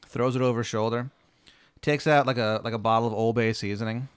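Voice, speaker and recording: A man's voice: mid-range voice, fairly even intonation, fairly quick, clean tone, no echo. A man hosting a podcast, narrating an improvised comic scenario in a playful, swearing way into a close mic. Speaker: podcast host. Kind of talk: improvised storytelling.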